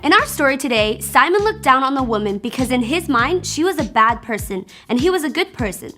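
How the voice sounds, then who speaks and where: A woman's voice: high-pitched, sing-song, fairly quick, over music. A woman hosting a kids' church lesson, explaining the story in a teaching tone.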